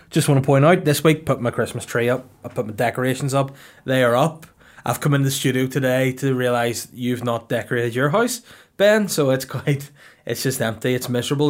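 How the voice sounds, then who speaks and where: A man in his thirties hosts a podcast from the studio, chatting loosely from one tangent to the next. He jokes a lot and swears freely, at a middle pitch for a man. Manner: rambling, jokey and sweary. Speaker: podcast host. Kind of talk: casual podcast chat.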